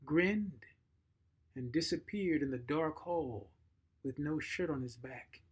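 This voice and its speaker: Slow, husky male storyteller. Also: fairly high pitch. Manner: measured, expressive. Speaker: narrator. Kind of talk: dramatic short story reading.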